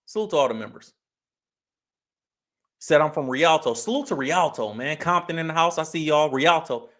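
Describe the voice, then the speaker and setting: A man's voice: a little high, expressive, moderate pace, fairly bright tone. Male streamer from California, easygoing chat delivery, frequent laughs, reads comments aloud. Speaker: livestream host. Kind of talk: casual livestream chat.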